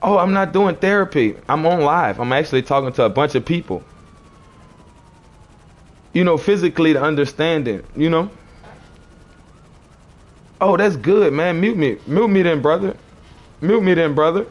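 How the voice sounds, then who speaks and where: A man with a fairly high speaking voice, talking on a livestream. He argues with commenters in a preachy, confrontational way. He keeps repeating his phrases. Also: expressive, normal speed, long pauses. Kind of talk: arguing with live chat commenters.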